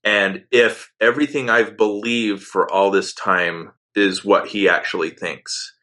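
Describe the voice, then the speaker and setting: A young man earnestly telling a personal faith story, halting and repeating himself. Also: on the low side, fairly even intonation, bright, forceful tone. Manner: earnest, halting with restarts, rising intensity when angry. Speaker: storyteller sharing a personal religious experience. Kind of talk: personal testimony.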